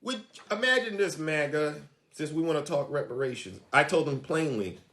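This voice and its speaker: Speaking at a moderate pace in a fairly high, fairly bright, expressive voice, this man lectures his followers in a political monologue. His manner is preachy and taunting, and he punctuates his points emphatically with the question tag "all right?"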